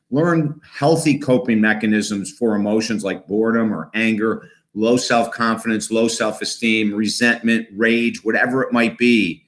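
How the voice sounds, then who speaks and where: A middle-aged man, a counselor and self-help host, talking straight to his audience in an earnest, coaching way and often checking in with a quick "right?". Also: on the low side, a bit bright. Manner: earnest, coaching, repeats key points with rhetorical "right?". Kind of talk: direct-to-camera advice talk.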